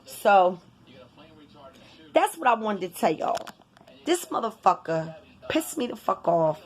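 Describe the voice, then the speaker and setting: A woman vlogger talking casually and bluntly to her viewers, cursing often in an animated, informal way. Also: medium pitch, slow. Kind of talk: casual vlog rant.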